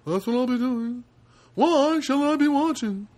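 High pitch, slow pace, whiny male comedian, a man putting it on. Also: lively intonation, a little mellow.

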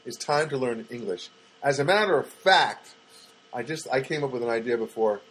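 A man's voice: mid-range voice, normal speed, a bit bright, breathy edge, rough recording. A man from the United States hosting on the radio, rambling through a solo monologue with stammered restarts and wry asides. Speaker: radio host.

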